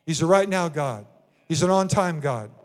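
A man preaching a sermon, reading scripture and repeating lines slowly and emphatically. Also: fairly high pitch, animated. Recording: long hall reverb.

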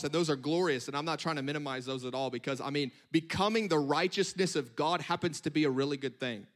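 High-voiced animated male preacher. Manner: animated, conversational preaching with quick asides. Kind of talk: sermon.

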